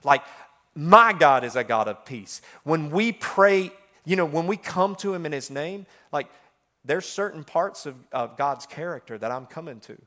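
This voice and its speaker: A middle-aged man preaching a sermon in a chatty style full of fillers, swinging between loud passages and hushed ones. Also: on the high side, lively intonation, normal speed.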